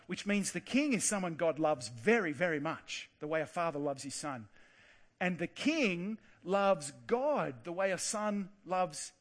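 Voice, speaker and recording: A man giving a lively Bible talk for children, asking his listeners lots of questions. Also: high voice.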